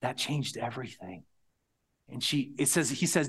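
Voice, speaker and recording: A man preaching a sermon, earnest and storytelling, sometimes dropping to a hushed whisper on key words. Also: mid-range voice, expressive, moderate pace, breathy edge. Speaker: pastor.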